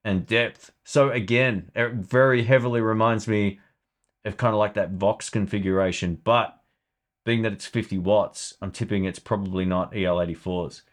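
A man's voice: fairly low pitch, fairly even intonation, moderate pace. A man hosting a casual live stream about guitar gear, chatting loosely and thinking aloud.

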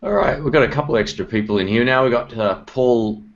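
A man's voice: mid-range voice, a little fast, lo-fi sound. An Australian man hosting a casual online guitar chat, laid-back and self-deprecating, with plenty of fillers.

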